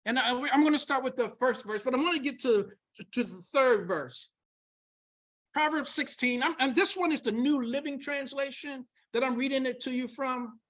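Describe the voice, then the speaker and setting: A woman preaching a sermon and reading scripture aloud, emphatic, repeating key words and rising to near-shouts. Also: high voice, normal speed.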